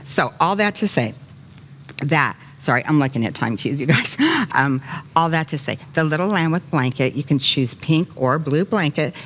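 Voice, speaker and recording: An older woman hosting a Christian talk show, alternating an earnest preaching cadence with gushing, animated storytelling in a studio. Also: low voice, normal speed, slight background noise. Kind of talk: faith talk show fundraising appeal.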